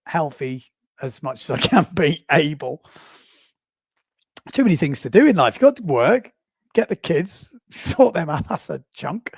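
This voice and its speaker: A man's voice: fairly high pitch, breathy edge, dry recording, clean studio sound. A man in his forties hosting a casual livestream, chatting and rambling with self-amused asides while running through results. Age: 40s. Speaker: livestream host. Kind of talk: casual live commentary.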